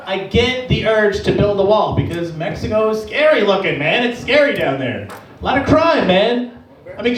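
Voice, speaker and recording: A man performing a stand-up comedy set in a club, rambling and profane, acting out the people in his stories. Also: very high voice. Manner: profane, rambling, acts out quoted voices. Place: comedy club stage in a sports lounge. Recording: echoey club audio from far off.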